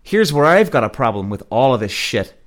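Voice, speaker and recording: Blunt, animated man telling a story. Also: mid-range voice, a little fast. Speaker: podcast host. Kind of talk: casual storytelling monologue.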